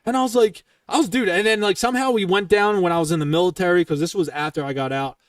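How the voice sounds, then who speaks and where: A man's voice: sits high, fast talker, no room sound. A man in his twenties hosting a podcast, telling a long story in casual, heavily profane, rambling chat. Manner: profane, heated, rambling retelling. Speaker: podcast host. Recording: dry, somewhat distant from the mic.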